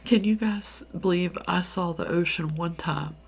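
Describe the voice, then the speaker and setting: A woman's voice: fairly low pitch, measured pace, breathy edge. A tired woman with a Southern US accent, telling a story in a rambling, half-whispered ASMR style. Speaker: ASMR creator. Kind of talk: soft-spoken ASMR ramble.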